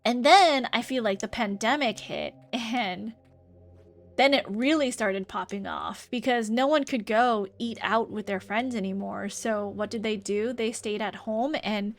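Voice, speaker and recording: A woman's voice: fairly high pitch, a little slow, faint music behind. A woman streamer with a light New Zealand tinge to her American speech, chatting casually and rambling with many fillers while reading and answering chat. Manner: rambling, lots of "like" and "um".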